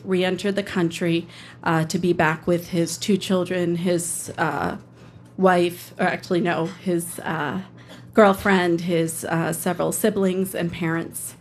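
A woman, a public defender, telling a personal story on stage in plain, steady narration. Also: lowish voice, unhurried, a little hiss or hum.

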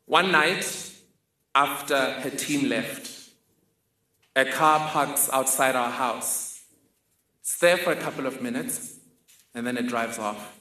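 A man's voice: mid-range voice, slow pace, pauses often, bright, forceful tone. A man telling a funny, vivid personal story in a talk. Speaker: speaker. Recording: roomy echoing hall.

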